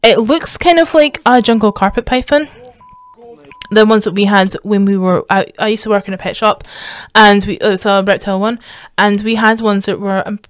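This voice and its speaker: A woman's voice: mid-range voice, moderate pace, clear, resonant tone, no echo. A Scottish woman chatting through a reaction video in a loose, rambling way, swearing freely and squealing when something grabs her. Her voice sits in an ordinary middle register and sounds dry and close, with no room around it. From Scotland. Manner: rambling, sweary, bursts into excited squeals and laughs. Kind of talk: casual reaction commentary.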